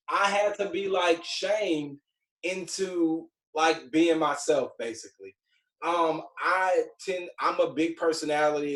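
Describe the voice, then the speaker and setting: A man's voice: a little high, roomy sound, poor audio. A man in his forties with a Southern US accent, a TV writer casually telling a group about his career in a laid-back, rambling way, with lots of "like". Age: 40s. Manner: chatty, laid-back storytelling full of "like" fillers. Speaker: TV writer sharing career advice.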